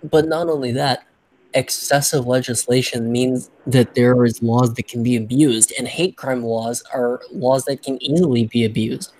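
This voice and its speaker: A man's voice: medium pitch, steady tone, normal speed, darkish tone, rough recording. A man co-hosting a podcast in casual chat, making his case point by point. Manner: argumentative, reasoning point by point. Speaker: podcast co-host.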